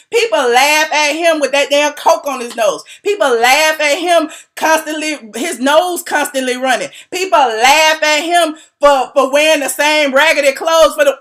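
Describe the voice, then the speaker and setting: A woman hosting a gossip commentary channel, talking to her viewers in a sassy, animated, teasing way and laughing often. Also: high voice. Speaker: YouTube commentary host.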